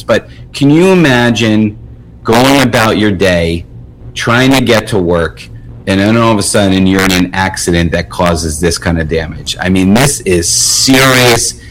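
A middle-aged man with a fairly low voice tells a legal case story on a radio show. He talks casually, often repeating and restarting his words. He speaks in quick bursts. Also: poor audio. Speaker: personal injury lawyer.

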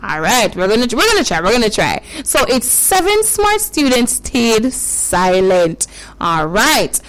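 A woman's voice: a little high, huge pitch swings, fairly bright tone, rough recording. A woman hosting a call-in with children, leading them through tongue twisters in a playful, encouraging way. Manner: playful, encouraging, drawn-out coaching.

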